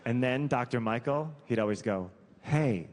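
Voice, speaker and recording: A man performing stand-up comedy, telling a story in a conversational way, stacking asides and self-corrections and delivering absurd details deadpan. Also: on the high side, unhurried. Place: comedy club stage before a live audience. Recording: reverberant venue with crowd ambience.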